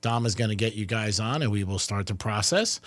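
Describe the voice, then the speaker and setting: A man's voice: on the low side, brisk, no room sound. A man hosting a radio show in a studio, chatting casually with his co-hosts and running a call-in contest. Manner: easygoing, runs contests and reads out phone numbers. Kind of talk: casual talk radio banter. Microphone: studio microphone.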